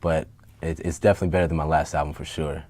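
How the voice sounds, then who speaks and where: A man being interviewed about his music, talking candidly and rambling, profane and quick to get worked up. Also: a bass voice, dry recording. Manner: rambling, profane, gets heated and animated. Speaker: rapper and producer being interviewed. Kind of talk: candid casual interview talk. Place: home studio basement.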